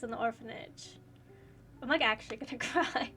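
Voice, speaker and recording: A woman's voice: on the high side, normal speed, pauses often, sharp tone, slightly rough. A woman gaming streamer chatting casually and emotionally while playing, with faint game music behind. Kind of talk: casual let's-play commentary.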